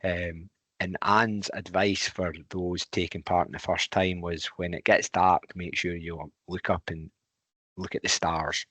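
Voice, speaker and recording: A man's voice: low voice, flat delivery, unhurried, a bit bright, dry recording. A man hosting a podcast, asking questions in a hesitant way with many ums. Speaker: podcast host. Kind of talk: casual podcast interviewing.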